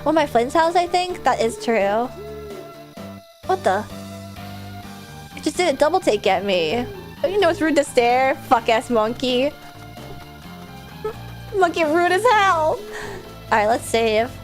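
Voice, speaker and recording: A woman streaming a video game, chatting excitedly and casually, swearing now and then. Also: high-pitched, measured pace, pauses often. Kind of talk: casual gameplay livestream chat. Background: faint game music.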